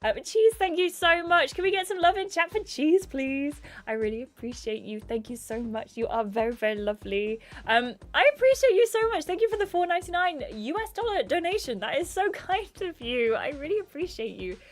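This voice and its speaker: A bubbly woman gives casual livestream commentary, thanking her chat over and over. Her voice is high, and faint game music plays under her. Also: animated, a little fast, few pauses. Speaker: gaming streamer.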